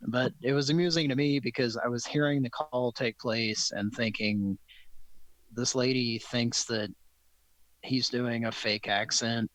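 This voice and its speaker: A man's voice: mid-range voice, steady tone, measured pace, a bit bright, no room sound, rough recording. A man hosting a live comedy show, talking in a wry, amused, rambling way. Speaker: host. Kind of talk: casual banter on a live show.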